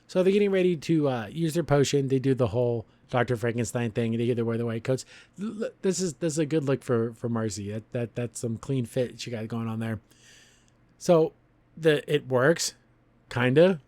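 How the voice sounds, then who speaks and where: Chuckling frequently, a man on his podcast walks through a cartoon episode in casual, meandering commentary. He speaks at a normal pace with a medium, somewhat dark-toned voice, animated in delivery, and there's no echo.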